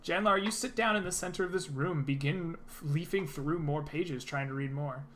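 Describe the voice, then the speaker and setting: Bright-voiced man narrating a tabletop game. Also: fairly high pitch, normal speed, slight background noise. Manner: relaxed narration full of uh and um. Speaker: game master.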